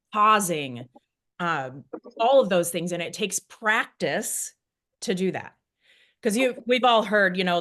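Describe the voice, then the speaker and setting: Rambling, animated woman podcaster. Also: fairly low pitch. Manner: rambling, animated, self-interrupting. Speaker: real estate coach, podcast co-host. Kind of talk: casual podcast discussion.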